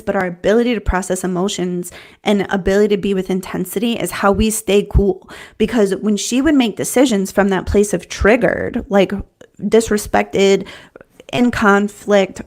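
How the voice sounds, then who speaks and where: Woman coach, earnest and conversational, mid pitch, teaching to camera. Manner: earnest, conversational, repeats and restarts, says "right?". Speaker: business coach.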